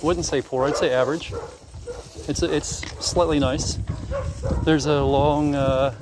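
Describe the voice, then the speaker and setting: A slightly high-voiced man gives playful running commentary while walking outdoors. He banters with his companions, laughs easily and narrates what he sees. Clear background noise fills the camera recording. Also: fairly even intonation, a little slow. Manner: joking, chatty, laughs easily. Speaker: vlogger filming a walk. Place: outdoors on a rural road at night. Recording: noisy outdoor camera audio.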